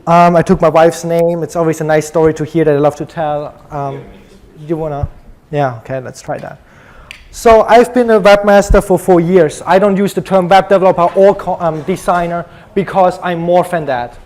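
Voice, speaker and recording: A man's voice: on the high side, fairly even intonation, normal speed, darkish tone. German-accented man giving a chatty tech talk. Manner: chatty, joking, many ums. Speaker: conference speaker. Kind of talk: conference talk.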